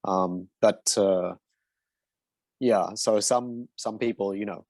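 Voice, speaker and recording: A man's voice: fairly low pitch, fairly even intonation, slow, a little mellow, dry recording. A man answering design questions as a mentor, in a casual and hesitant way with many fillers and restarts. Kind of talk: casual Q&A in an online session.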